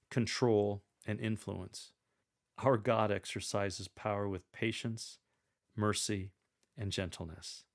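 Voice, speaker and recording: A man coaching a lector on reading scripture aloud, speaking in a deliberate, instructive way and performing sample readings. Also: fairly low pitch.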